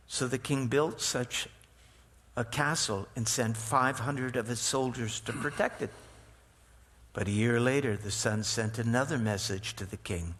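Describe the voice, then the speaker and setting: A man, likely a rabbi, giving a slow, reflective sermon that mixes a parable with personal asides and halting restarts. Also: medium pitch, fairly bright tone. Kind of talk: sermon with storytelling. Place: synagogue sanctuary.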